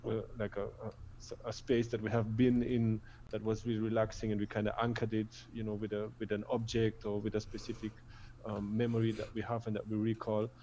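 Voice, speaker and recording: Low, flat-voiced man musing slowly. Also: a little hiss or hum, poor audio. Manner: reflective, hesitant, repeats words. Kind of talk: casual panel chat.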